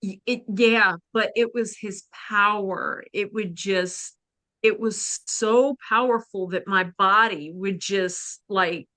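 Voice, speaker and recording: Woman guest, earnest halting storyteller, bright tone, slow delivery, dry close sound. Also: medium pitch, no room sound. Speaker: guest, spiritual practitioner. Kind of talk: personal storytelling in a podcast interview.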